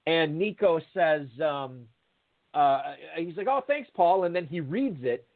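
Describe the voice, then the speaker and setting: A man tells a long, meandering story in a relaxed, chatty way, stopping often for fillers and restarts. His voice sits a bit high. The sound is thin and tinny, like a phone line. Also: slow. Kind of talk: casual anecdote over a call.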